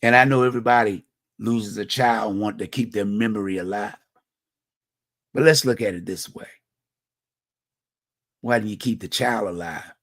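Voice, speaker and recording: Speaking in a fairly low voice at normal speed with frequent pauses and a bit of brightness, this community talk show host, a middle-aged man from Hampton Roads, Virginia, gives a blunt personal monologue about community violence. His talk is slangy, repetitive, and conversational, recorded dry at studio quality.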